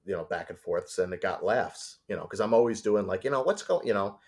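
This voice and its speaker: A man speaking as a storyboard artist guest in a casual interview, telling stories in an animated way and acting out voices. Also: deep voice, a little fast.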